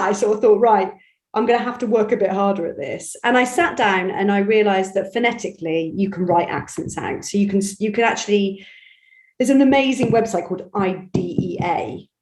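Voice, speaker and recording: A chatty woman with a Bristol accent tells stories in an interview, animated and full of quick restarts. Her mid-pitched voice rings a little in an echoey room. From England. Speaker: audiobook narrator guest. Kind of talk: conversational interview.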